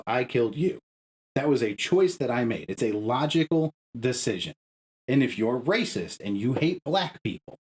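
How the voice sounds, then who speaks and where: A fired-up young man on a podcast, swearing freely and pressing his argument hard. His voice sits at a middling pitch for a man but jumps sharply upward when he gets worked up. It sounds like a loose, casual conversation between friends. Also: rough recording. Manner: profane, emphatic, arguing with rising pitch. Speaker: podcast co-host. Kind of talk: heated casual podcast rant.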